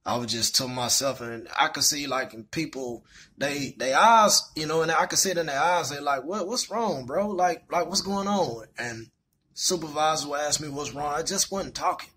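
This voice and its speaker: Husky-voiced young man telling a story. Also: fairly high pitch, normal speed, sharp tone. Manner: candid and rambling, frequent fillers. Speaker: vlogger. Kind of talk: personal storytelling.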